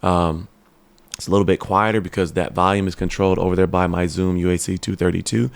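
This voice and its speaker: Low, gravelly-voiced man as a relaxed home-studio tech reviewer, casual and explanatory, full of ums. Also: fast. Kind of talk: casual product demo. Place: home studio with computer fans nearby. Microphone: dynamic USB/XLR desk mic, switching to camera shotgun mic.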